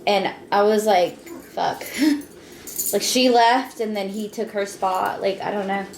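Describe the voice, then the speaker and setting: A woman's voice: mid-range voice, fairly even intonation, unhurried, creaky, roomy sound, a little hiss or hum. A woman in a casual podcast chat who tells a story bluntly and swears casually.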